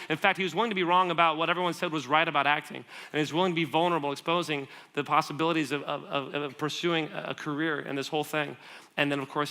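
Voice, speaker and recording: A man gives a church sermon in a lively, conversational way, tossing questions to the audience and spinning stories with quick asides. His voice is bright and pitched a little high. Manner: animated storytelling with quick asides and laughs. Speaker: guest speaker.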